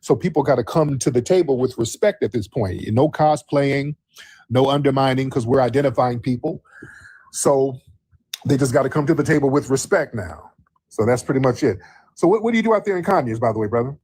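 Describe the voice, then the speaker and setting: A man's voice: mid-range voice, animated, fairly quick, darkish tone, breathy edge. A man hosting a casual call-in livestream, loose and drawling, repeating his phrases as he talks to callers. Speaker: livestream host taking callers.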